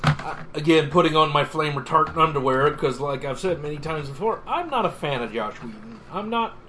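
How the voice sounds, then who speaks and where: Podcast host, man, bright sharp tone, lively pitch, dry self-mocking jokes. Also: brisk, slight background noise. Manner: wry, self-deprecating, joking. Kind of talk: casual chat.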